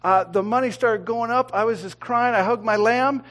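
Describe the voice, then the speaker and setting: A middle-aged man preaching a sermon, swinging between loud, emphatic lines and quiet, hushed ones. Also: very high voice, normal speed.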